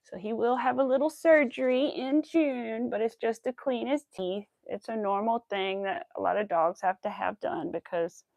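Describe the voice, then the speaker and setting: A young woman crocheting on a livestream from home with a clip-on mic, chatting with viewers and softly counting her stitches. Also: on the high side, moderate pace, creaky, few pauses, no room sound. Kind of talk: casual chat while crocheting on stream.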